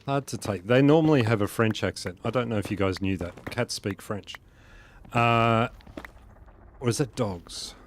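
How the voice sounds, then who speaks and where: Slow-talking man streaming a game. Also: on the low side, a little hiss or hum. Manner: chatty, joking, laughs at his own jokes. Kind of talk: casual live-stream commentary while playing.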